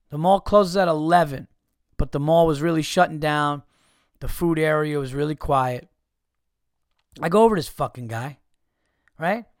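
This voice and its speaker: A man with a somewhat high voice tells a comic story on his podcast, swearing freely and mocking the people in it. He sounds fed up and exasperated. The sound is dry and close, with no room around it. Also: no room sound. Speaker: podcast host.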